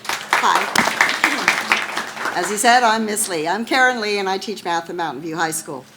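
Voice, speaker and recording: Emotional woman teacher, bright voice. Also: mid-range voice, normal speed, some chatter behind, slight background noise, rough recording. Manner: emotional, laughing, close to tears. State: tearful. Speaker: math teacher. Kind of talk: award ceremony speech.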